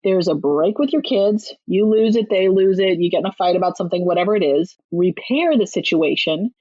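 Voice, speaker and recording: A woman's voice: fairly quick, warm tone, no echo, lo-fi sound. A woman parenting author, a podcast guest, talking in a chatty, emphatic way. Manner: chatty, emphatic, acts out quotes in a higher voice. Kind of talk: podcast interview.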